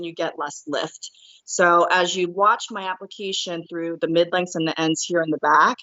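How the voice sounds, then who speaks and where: A woman, an American hair colorist, calmly walks through each step of painting hair during a live demonstration. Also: lowish voice. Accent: American, sometimes Northeastern. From born in Korea, raised in New Jersey. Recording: dull lo-fi livestream audio.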